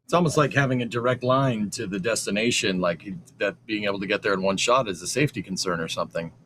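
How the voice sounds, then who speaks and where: A man's voice: on the low side, fast talker, fairly bright tone, slight background noise. A man co-hosting a casual livestream, teasing the others with dry sarcasm. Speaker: livestream co-host.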